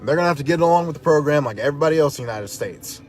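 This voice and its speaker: A man with a drawl delivers a fiery, defiant address straight to his audience, his voice sitting fairly high for a man. He drives his points home with repeated phrases, and faint music plays underneath. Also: expressive, rapid-fire. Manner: fiery, defiant, rhetorical repetition. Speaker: activist, protest organizer. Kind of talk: impassioned direct-to-camera talk.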